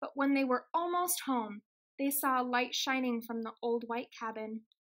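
A woman reads a children's picture book aloud in a gentle, expressive storytelling voice. Her pitch sits high. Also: moderate pace. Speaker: extension outreach reader.

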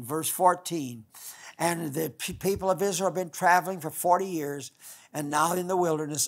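A man's voice: on the high side, fairly bright tone. An older man, a pastor, preaching a folksy, rambling sermon full of restarts.

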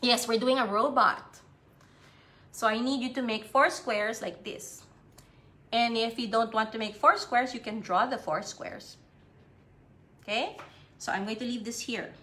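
Filipino woman, preschool art teacher on a live stream, high and crisp, patient kid-friendly delivery. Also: fairly bright tone. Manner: cheerful, slow, sing-song talk to young kids. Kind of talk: live-streamed craft lesson for children.

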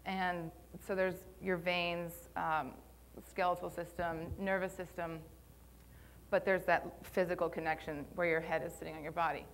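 Speaking at normal speed with little pitch movement, a young woman with a fairly low voice gives a conference-room talk on posture and Pilates. She sounds conversational and slightly nervous, using many fillers, and there's slight background noise.

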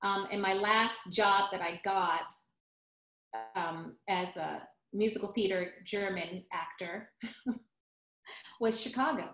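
A woman's voice: medium pitch, slow, long pauses. Woman telling stories in an echoey room. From United States. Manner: animated storyteller, acts out quotes, restarts often. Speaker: guest, musical theater actress. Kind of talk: casual interview storytelling.

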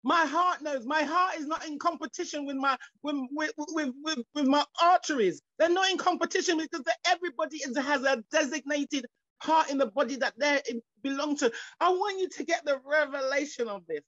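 A woman's voice: high-pitched, fairly quick, a bit bright, no room sound. A woman preacher delivering a fervent sermon over a video call, repeating herself, restarting phrases and breaking into exclamations of praise. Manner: fervent, repetitive, stumbling restarts, rising into exclamations. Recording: dull lo-fi video call audio.

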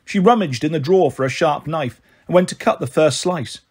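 A man reads a children's novel aloud in a steady first-person narration. His voice sits a little high for a man and has a husky edge. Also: brisk. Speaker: storyteller. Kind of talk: storybook reading.

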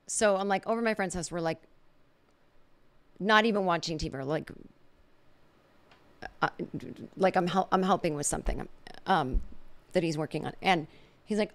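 A woman's voice: fairly low pitch, lively intonation, normal speed, pauses often, fairly bright tone. A middle-aged woman hosting a podcast, telling a funny story in a casual monologue and acting out the quoted reactions. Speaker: podcast host.

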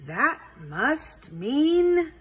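A woman's voice: sits high, sing-song, extremely slow, voice pushed up, full character voice. A woman voicing an eager, self-important male owl detective in a storybook read-aloud, exclaiming dramatically. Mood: dramatic. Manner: dramatic exclaiming, sing-song.

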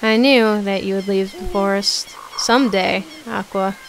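Woman reading as a gentle forest girl. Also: mid-range voice, fairly even intonation, measured pace, close to an everyday voice, low-quality recording. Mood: tender. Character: sweet gentle forest girl, a friend saying goodbye.

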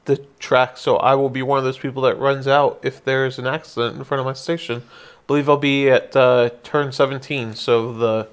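A man's voice: medium pitch, flat delivery, moderate pace, clean tone. A man co-hosting a casual livestream chat, with dry, teasing asides. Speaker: livestream co-host.

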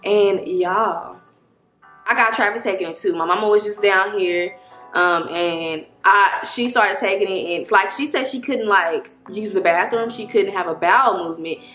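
A woman's voice: medium pitch, normal speed, fairly bright tone, reverberant, soft background music. A woman talking casually to her viewers in a rambling, friendly vlog, a little out of breath. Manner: chatty, rambling, addresses viewers as y'all. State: slightly out of breath. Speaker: vlogger.

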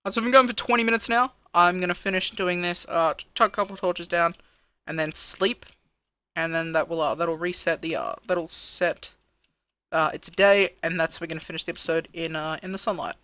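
Bright, dry-voiced let's play host. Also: mid-range voice, fairly even intonation, moderate pace, no echo. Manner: self-deprecating, grumbling, thinks aloud; counts out loud while building. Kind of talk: casual gameplay commentary.

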